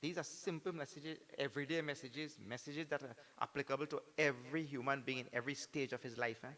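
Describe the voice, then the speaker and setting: A man giving a spiritual discourse, animated and full of rhetorical tag questions like "correct or not?". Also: mid-range voice, quick pace, few pauses. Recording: hall reverb with faint music behind.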